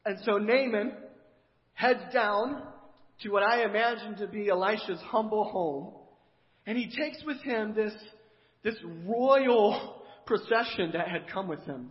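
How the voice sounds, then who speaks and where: A male preacher with a high voice animatedly retells a story, pausing to put questions to his listeners. His delivery is a storytelling sermon. The sound is dull and carries a long church-hall reverb.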